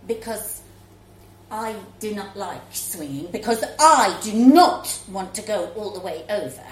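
Lively woman reading a story. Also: fairly high pitch, a little hiss or hum. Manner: expressive, lively reading in a child's first person. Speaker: story reader. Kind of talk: storytelling read-aloud. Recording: roomy echo, faint room ambience.

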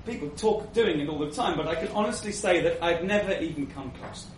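A man reading a first-person story aloud to a live audience, unhurried, with acted asides. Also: on the high side, a little hiss or hum. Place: live event venue before an audience. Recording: echoey venue from a distant mic.

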